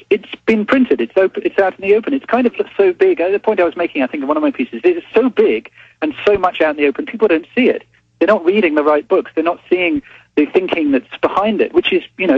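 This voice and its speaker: A man talks through a muffled phone line in a husky voice with lively pitch. He is thoughtful and halting, often restarting his sentences as he builds a point. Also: no room sound. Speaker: journalist guest. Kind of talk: phone-in interview. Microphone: telephone.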